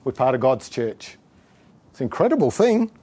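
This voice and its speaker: A man's voice: medium pitch, very animated, normal speed, dark tone, breathy edge. A man preaching a sermon in an emphatic, exhortative way, chuckling often as he talks.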